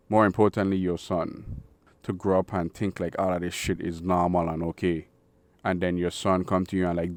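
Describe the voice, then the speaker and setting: A man's voice: low-pitched, darkish tone, no room sound. A man delivering a blunt, profane, preachy opinion monologue as a channel host.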